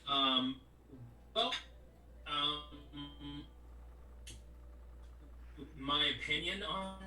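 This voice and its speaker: Bright-voiced man rambling in a roomy echo. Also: medium pitch. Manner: rambling, peppered with "you know what I mean". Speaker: voice actor guest. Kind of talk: casual interview chat. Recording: roomy echo, distant from mic.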